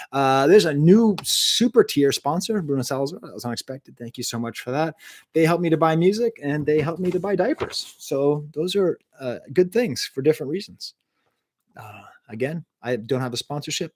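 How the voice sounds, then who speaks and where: A man's voice: medium pitch, a little hiss or hum. A man hosting a music review livestream from home, ranking albums with enthusiastic, rambling talk and reading out the live chat. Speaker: music review show host.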